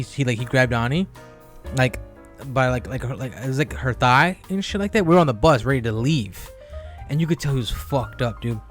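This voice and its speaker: A young man telling a story in casual podcast chat, swearing freely and packing his talk with fillers. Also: mid-range voice. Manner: profane, animated storytelling with many fillers. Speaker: podcast co-host.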